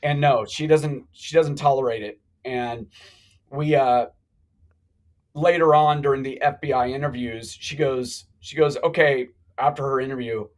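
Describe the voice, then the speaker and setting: A middle-aged man telling a long story on a live talk show, animated and rambling, with many restarts. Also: medium pitch, measured pace, poor audio. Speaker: guest.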